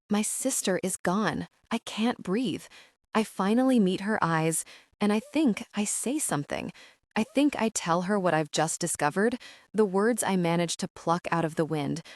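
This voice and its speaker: A woman's voice: on the low side, a little mellow, no room sound, clean studio sound. A woman narrating a first-person romance audiobook in an emotional, dramatic reading.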